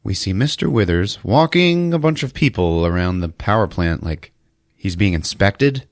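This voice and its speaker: Low-voiced man, lively recap. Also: moderate pace, no room sound, clean studio sound. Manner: animated, acts out the lines with put-on voices and lots of laughing. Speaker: podcast host. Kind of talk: casual movie recap.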